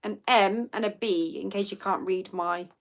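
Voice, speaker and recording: Chatty and giggly, a woman reads out viewer comments while running a casual live quiz chat as a livestream host, laughing frequently. Her voice sits at medium pitch and moves at normal speed.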